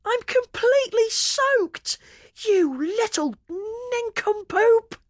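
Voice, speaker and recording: A man voicing a flustered nine-year-old boy who wails and yelps in a high shrill voice. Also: big pitch swings, slow, a bit bright, no room sound, studio quality, heavily acted. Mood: outraged. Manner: high shrill wailing, indignant.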